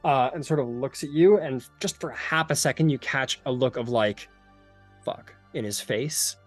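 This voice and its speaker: A man's voice: mid-range voice, normal speed, soft background music. A man narrating as game master of a tabletop game, rambling with many fillers.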